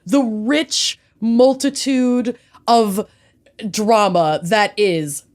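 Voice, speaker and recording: A woman co-hosting a podcast, chatting casually in fast, animated banter. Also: mid-range voice. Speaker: podcast co-host. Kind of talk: casual chat.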